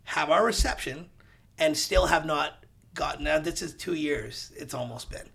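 A man, a realtor guest on a podcast, telling a story in a casual, animated way, acting out the dialogue and getting loud at the punchlines. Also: fairly high pitch, moderate pace, creaky, a little hiss or hum.

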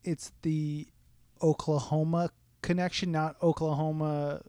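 A man's voice: on the high side, flat delivery, unhurried, mellow, clear, resonant tone, dry recording, studio quality. A man co-hosting a casual sports podcast, chiming in with short reactions and second-guessing facts. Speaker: podcast co-host.

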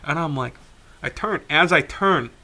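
A young man, a podcast co-host, telling a story in casual talk, animated, swearing freely and laughing as he goes. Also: mid-range voice, normal speed.

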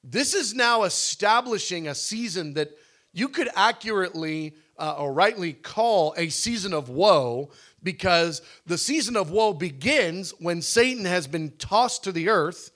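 Man teaching scripture, high voice, conversational, bursts into loud dramatic shouts. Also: measured pace. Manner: animated, acts out cries with sudden loud shouts; conversational with fillers and restarts. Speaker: Bible teacher. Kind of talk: teaching a Bible study session.

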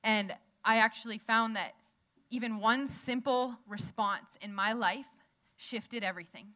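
A woman's voice: fairly high pitch, measured pace, bright, forceful tone. A young woman preaching a sermon in a conversational way, laughing often and telling stories with animation.

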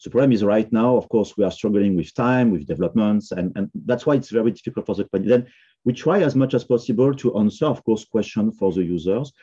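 A man's voice: on the low side, fast, dark tone, slightly rough. Man with a French accent, muffled. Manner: hesitant, many fillers and restarts. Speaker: software company founder, podcast guest. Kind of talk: casual podcast conversation.

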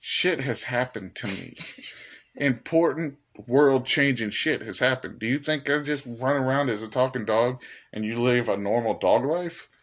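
A man voicing a rambling old male talking dog with a gruff, casual manner. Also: medium pitch, unhurried, a bit bright.

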